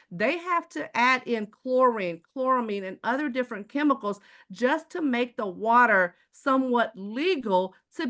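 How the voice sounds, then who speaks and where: A woman's voice: fairly high pitch, fairly bright tone. A woman from Houston with a Texan accent, giving a live online sales presentation and asking the audience rhetorical questions. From Houston, Texas.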